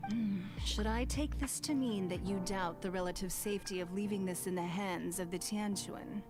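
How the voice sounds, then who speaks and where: A woman's voice: medium pitch, normal speed, lightly acted. A woman playing a poised, haughty aristocratic official who speaks formally with dry, cutting remarks. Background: loud game music.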